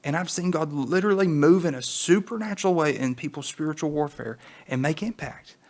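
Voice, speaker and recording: A man's voice: a little high, a little fast, darkish tone. A man co-hosting a Bible teaching podcast, talking in an earnest, exhorting way that rises to emphatic peaks.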